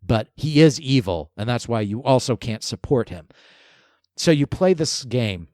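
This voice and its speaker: Lively, chatty male podcast host. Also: medium pitch, measured pace, dry recording, clean studio sound. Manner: animated, rambling, chuckles while talking. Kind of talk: casual chat about video games.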